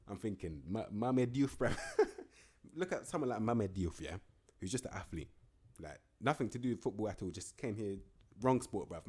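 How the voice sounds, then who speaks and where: A man's voice: low voice, breathy edge. A young man giving casual, slangy, rambling commentary on a video game. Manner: slangy, rambling, animated banter. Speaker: gaming YouTuber.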